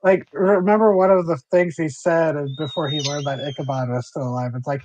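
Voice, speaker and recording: A man's voice: on the high side, fairly even intonation, fairly quick, few pauses, darkish tone, dull audio, slight background noise. A man playing a tabletop game with friends, thinking aloud in a rambling, casual way. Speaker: player.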